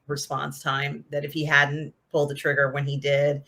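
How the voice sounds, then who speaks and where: A woman's voice: sits low, monotone, normal speed, bright, forceful tone. A woman co-hosting a casual show, chatting about a TV episode and retelling scenes. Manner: chatty, retells scenes with quoted lines and laughter. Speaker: co-host reviewing a TV episode. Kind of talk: casual chat.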